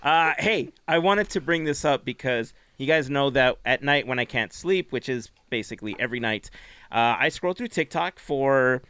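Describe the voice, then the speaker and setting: A man's voice: mid-range voice, animated, normal speed, bright, forceful tone, clean tone, dry recording. A man co-hosting a casual fan podcast, chatting in an easygoing, self-deprecating way. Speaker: podcast co-host. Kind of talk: casual chat.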